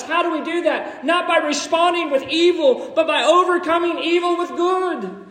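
A man preaching a Sunday sermon in a church, animated and emphatic, sometimes rising to near shouts and joking with the congregation. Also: extremely high pitch, moderate pace, few pauses. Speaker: pastor. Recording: echoey hall, distant from the mic.

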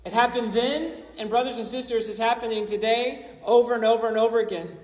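A man's voice: extremely high pitch, steady tone, a little fast. A man preaching a sermon as pastor, emphatic and repeating his key phrases. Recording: echoey hall.

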